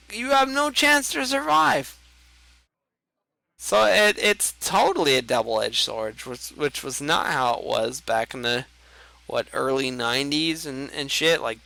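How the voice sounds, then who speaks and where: A man's voice: fairly high pitch, creaky, sharp tone, poor audio. A young man streaming a card game, rambling and swearing as he reacts to the plays. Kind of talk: casual gaming commentary.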